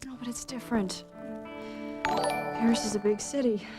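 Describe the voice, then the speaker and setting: A woman's voice: on the high side, steady tone, normal speed, natural voice. An actress playing a troubled young woman in a soap opera, speaking in a pleading, earnest way, over music. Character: troubled young woman fleeing her past.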